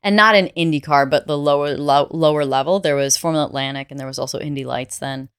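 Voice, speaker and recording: A woman's voice: deep voice, fairly even intonation, quick pace, a bit bright, clean tone, no room sound, studio quality. A woman from the United States, a podcast guest, telling her story in a reflective, candid way. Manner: reflective, candid, laughs easily. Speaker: interview guest. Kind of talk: conversational storytelling.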